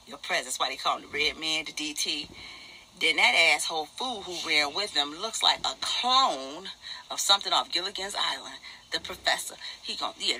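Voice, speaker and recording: A man's voice: fairly high pitch, sharp tone, slight background noise. A man doing a furious foul-mouthed woman. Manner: profane, fast, indignant ranting. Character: furious middle-aged woman, former nurse, single mother. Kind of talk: ranting stand-up character monologue.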